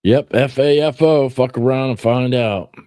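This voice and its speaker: A man's voice: medium pitch, unhurried, mellow, dry recording. A middle-aged man hosting a podcast, telling stories in a rambling, cursing way with lots of restarts. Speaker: podcast host. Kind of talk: casual chat.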